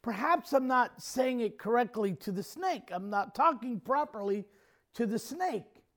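Man voicing a chill no-nonsense mom, matter-of-fact, kinda high voice. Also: animated, unhurried. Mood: calm. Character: calm, no-nonsense older mother.

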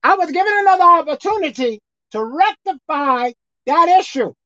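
Woman pastor, high expressive sermon voice, soft to shouting, dull dry recording. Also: normal speed, dry recording. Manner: preaching with dramatic swings from soft to shouted.

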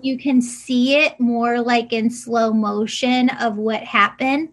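A woman's voice: a little high, fairly even intonation, takes it slowly, slight background noise. A woman hosting a casual spiritual chat, explaining visitation dreams with lots of "like" and "you know".

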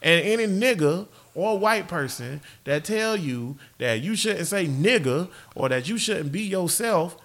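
A man hosting a podcast in casual chat, animated and profane. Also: high voice, unhurried, hardly any pauses. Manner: animated, profane, laughs often. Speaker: podcast host.

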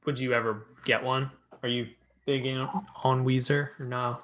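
Bright-voiced man hosting a skate chat. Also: medium pitch, moderate pace, a little hiss or hum. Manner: relaxed, jokey, reads from notes. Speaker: podcast host. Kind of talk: casual chat reviewing a skate video.

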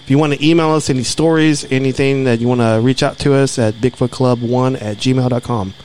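Middle-aged man, relaxed podcast host, casual chat, slight hiss behind. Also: medium pitch, fairly quick. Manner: relaxed, laid-back storytelling.

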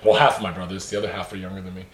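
A man's voice: sits low, flat delivery, rapid-fire, crowd noise. A man co-hosting a podcast, telling stories in a laid-back, casual way and saying "dude" and "man" a lot. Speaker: podcast co-host. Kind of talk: casual chat, storytelling. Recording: echoey room.

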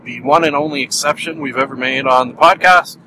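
A man's voice: medium pitch, brisk, background noise. A Canadian man hosting a podcast, rambling through a solo review chat and laughing at his own jokes. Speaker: podcast host.

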